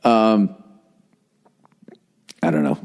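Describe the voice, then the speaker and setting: A man's voice: on the low side, extremely slow, a little mellow. A man hosting a podcast, talking on his own in a casual monologue, swearing often, rambling and exasperated, breaking off his sentences and slipping into mocking voices. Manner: profane, exasperated rambling with frequent self-interruptions; slips into mocking put-on voices. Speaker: podcast host.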